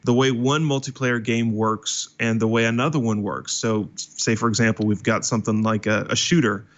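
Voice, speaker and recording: A man's voice: medium pitch, steady tone, normal speed, highs cut off. A man hosting a tech podcast, asking careful questions with some hesitation. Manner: thoughtful, hesitant questions with fillers. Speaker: podcast host. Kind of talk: interview questions.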